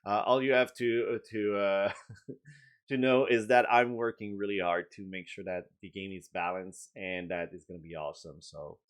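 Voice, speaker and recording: Man, French accent, very low voice, casual update, hesitant, many fillers. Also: steady tone, moderate pace. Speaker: board game designer.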